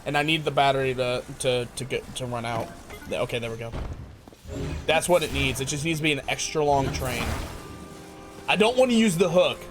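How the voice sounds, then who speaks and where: A man streaming a game live, chatting casually with his viewers, excitable and laughing often. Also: medium pitch, fairly quick, pauses often, over music. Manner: excitable, laughs often, talks to chat by name. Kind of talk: casual live-stream chat while playing.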